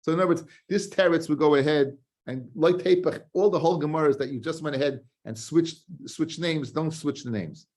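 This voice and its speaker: A man teaching a Talmud lesson, reading the text aloud and explaining it in quick, restarting spoken English. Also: a little high, a little mellow. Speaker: rabbi teaching daily Talmud page. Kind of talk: Talmud lecture.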